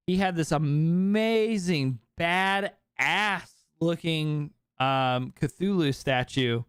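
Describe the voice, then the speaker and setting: Late-20s man, cursing, animated storyteller, slightly high, smooth tone; casual podcast chat. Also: no room sound, clean studio sound. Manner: animated, profane, heavy filler words. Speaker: podcast speaker.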